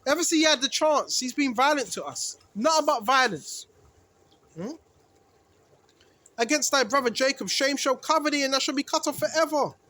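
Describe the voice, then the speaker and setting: High-voiced man preaching with rhetorical questions. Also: lively intonation, moderate pace, bright, forceful tone. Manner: preachy, asks rhetorical questions, repeats "right?"; rises in pitch and volume when emphatic. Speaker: street preacher. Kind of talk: bible teaching sermon.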